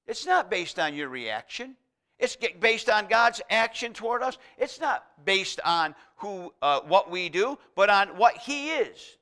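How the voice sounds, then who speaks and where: A man preaching with a high, bright, ringing voice. He hammers home his points through paired contrasts and reads scripture aloud between them. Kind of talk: sermon.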